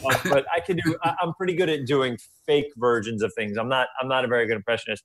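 A man's voice: mid-range voice, noisy background. Male actor from New York, interview guest, joking and self-deprecating. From New York, USA. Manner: quick, laughing, self-deprecating. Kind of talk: casual interview chat.

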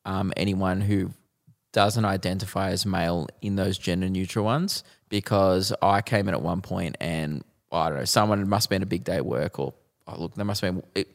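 A man's voice: sits low, steady tone, moderate pace, vocal fry, long reverb tail. A man co-hosting a podcast, chiming in with dry, wry remarks in casual banter. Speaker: podcast co-host.

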